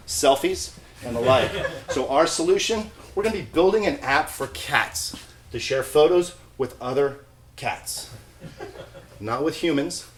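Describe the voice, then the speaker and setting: A man with a mid-range voice delivers an invented pitch in a deadpan corporate tone, with chuckles slipping through. The room gives his voice a noticeable echo. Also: a little hiss or hum. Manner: mock-earnest corporate tone with chuckles. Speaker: pitch presenter. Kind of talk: improvised comic pitch. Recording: echoey room.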